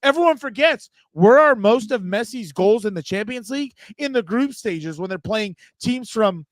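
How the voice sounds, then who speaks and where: A man with a high voice holds court on a sports talk show. He rants with strong opinions in a loose, casual chat. His voice sounds close and dry. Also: expressive, moderate pace, dry recording. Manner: opinionated, ranting.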